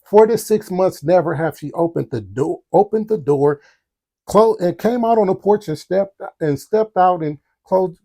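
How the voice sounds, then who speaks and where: A man with a high-pitched voice hosts a storytelling podcast, talking a little slowly. He tells his personal story animatedly, addresses the audience directly, and acts out the quotes.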